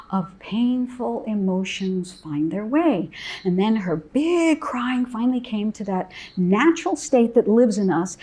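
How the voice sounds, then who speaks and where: A woman parent educator telling a story to parents in a gentle, soothing way, with soft pauses. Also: on the high side.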